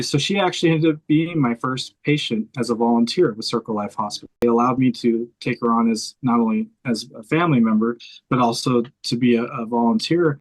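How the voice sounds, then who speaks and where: A man in a house room tells a personal story as a hospice chaplain. His voice sits at a middle pitch, and his telling is earnest and heartfelt. He sounds close to tears at moments. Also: rough recording.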